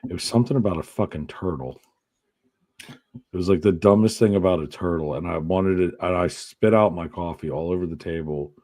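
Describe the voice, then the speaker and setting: A man co-hosting a podcast, reading odd news stories aloud in a profane, animated way. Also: low voice, brisk. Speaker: podcast co-host.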